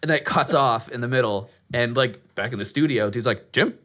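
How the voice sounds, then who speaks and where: A man's voice: mid-range voice, moderate pace, a bit bright. A man co-hosting a podcast, telling a story in casual chat, swearing freely and acting out quotes in funny voices. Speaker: podcast co-host.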